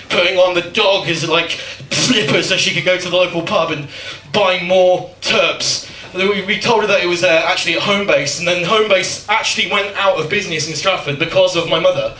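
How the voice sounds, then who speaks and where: A man's voice: high-pitched, sharp tone, distant mic, slight background noise. A young man from the West Midlands of England doing a rambling, crude, self-mocking stand-up routine at a comedy night. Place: comedy night at a cinema venue. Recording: echoey venue, mic heard from afar.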